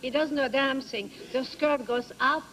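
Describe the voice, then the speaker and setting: A woman's voice: sits high, normal speed, fairly bright tone, poor audio. An older woman with a Hungarian accent, a talk show guest telling a story theatrically in broken English, laughing as she goes. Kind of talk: animated anecdote telling. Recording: 1980s TV studio audio with background noise.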